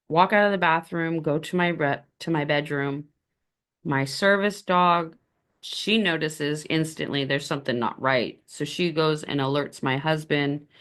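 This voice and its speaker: A woman's voice: deep voice, a bit bright. A woman host telling a personal story in a candid, conversational way, with a wry edge. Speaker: spiritual podcast host.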